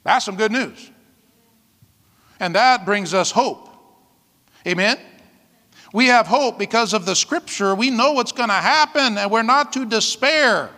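A male pastor preaching a sermon in a lively way, often calling out "amen?" and laughing between points. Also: high-pitched, unhurried, pauses often, big-room sound.

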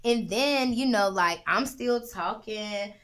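A woman chatting casually and telling a story in a lively, slangy way, dropping to a hush and then jumping up loud. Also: medium pitch, slow. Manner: animated, slangy, jumps between hushed and loud.

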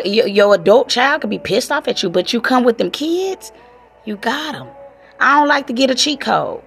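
Lady in her 30s just talking to her viewers, real candid, cusses a lot, gravelly husky voice. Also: medium pitch, fairly bright tone. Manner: candid, profane, emotional. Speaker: vlogger. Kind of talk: casual chat to viewers.

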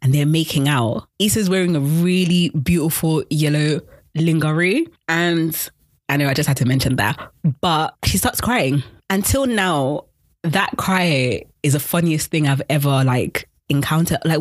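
A vlogger recapping a TV episode in a casual, expressive way, often repeating lines for emphasis and laughing. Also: medium pitch, normal speed, no room sound, clean studio sound.

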